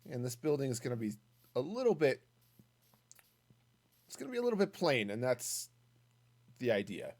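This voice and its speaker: Casual game streamer, mid pitch, very animated intonation, muses aloud and answers chat. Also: moderate pace, pauses often. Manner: chatty, thinking aloud, reading chat. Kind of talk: casual gaming stream commentary.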